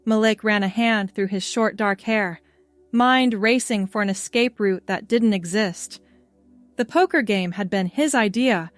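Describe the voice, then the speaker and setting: A woman reading a scripted story in an even, measured way. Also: medium pitch, no echo, soft background music. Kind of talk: scripted narration.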